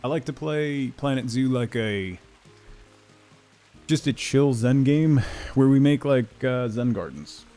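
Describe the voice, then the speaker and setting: Mellow-voiced man streaming a game. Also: medium pitch, slow, long pauses, soft background music. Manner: playful, teasing chat with viewers; soft cooing baby talk to a pet. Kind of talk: casual gameplay chat.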